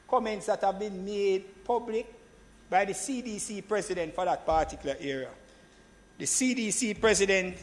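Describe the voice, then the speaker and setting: A man speaks in a notably high register, pressing his points in a parliamentary debate. He repeats his phrases for emphasis and keeps turning back to the chair. His voice carries a long reverb from the senate chamber. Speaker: government senator.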